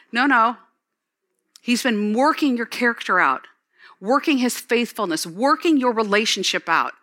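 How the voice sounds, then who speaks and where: A woman pastor giving an excited, exclamatory sermon, later leading the congregation in prayer. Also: fairly high pitch. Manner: ends in spoken prayer.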